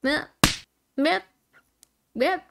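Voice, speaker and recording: A woman gives casual let's-play commentary in a slightly high voice, giggling and thinking aloud as she plays. She talks at an unhurried, drawn-out pace. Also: vocal fry. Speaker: streamer playing a video game.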